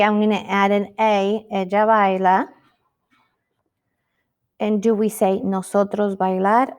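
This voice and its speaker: A woman's voice: mid-range voice, smooth. A woman teaching a Spanish lesson, speaking patiently and asking the listener rhetorical questions. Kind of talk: recorded classroom lesson.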